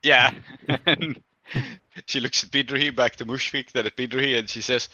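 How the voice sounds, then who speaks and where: A man's voice: medium pitch, fairly even intonation, moderate pace, pushed and bright, dry recording, dull audio. A man narrating as game master of a tabletop game, casual and laughing, with many fillers.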